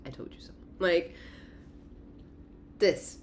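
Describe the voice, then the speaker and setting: A woman giving a casual tarot reading in a profane, animated way, laughing often. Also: slow, slight background noise. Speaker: tarot reader.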